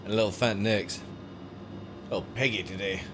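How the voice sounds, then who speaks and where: A man's voice: on the low side, steady tone, normal speed, background noise. A man streaming live from home, chatting casually with viewers and swearing now and then.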